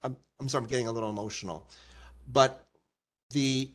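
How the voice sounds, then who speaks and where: A man's voice: mid-range voice, rapid-fire, slightly rough. A man in his sixties, a health plan medical officer, introducing himself to a task force with passionate earnestness. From Washington, D.C. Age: 60s.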